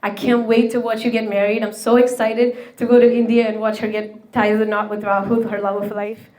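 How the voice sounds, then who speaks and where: A woman's voice: on the high side, level tone, darkish tone. A woman giving a sincere, heartfelt speech to her best friend before the wedding. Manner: sincere and measured. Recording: echoey room.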